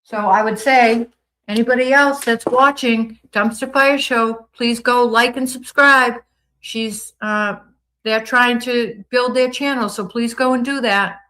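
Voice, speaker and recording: A woman's voice: on the high side, fairly even intonation, measured pace, pushed and bright, low-quality recording. A woman with a Boston accent hosting a livestream, reading viewer comments aloud and answering them in an upbeat, gushing way. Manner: reads viewer comments aloud and responds chattily. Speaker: livestream host reading chat. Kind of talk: casual chat.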